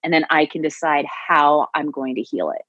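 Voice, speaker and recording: A woman's voice: low-pitched, normal speed, fairly bright tone, no echo, highs cut off. A woman who teaches yoga and Pilates, telling her story earnestly as a podcast guest. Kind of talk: conversational podcast interview.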